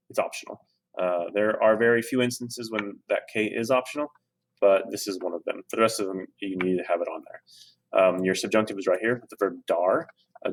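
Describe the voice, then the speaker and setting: A man talks through a screen-recorded grammar lesson. He sounds relaxed and conversational, dropping fillers and correcting himself as he goes. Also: fairly low pitch. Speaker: Spanish teacher.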